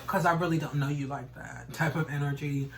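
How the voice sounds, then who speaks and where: A man's voice: a little high, steady tone, a little fast, very noisy. A man giving a casual tarot reading, rambling and repeating stock phrases, swearing now and then. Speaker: tarot reader.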